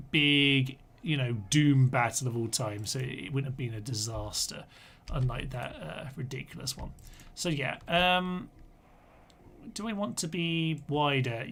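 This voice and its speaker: A gaming streamer chats casually while playing a strategy game live, muttering orders to his units as he comments. His voice is fairly high and fairly bright.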